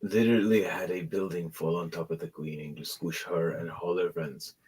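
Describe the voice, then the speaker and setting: A man voicing a gruff assassin guild leader who talks low and hushed in a tabletop game. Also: fairly even intonation, normal speed.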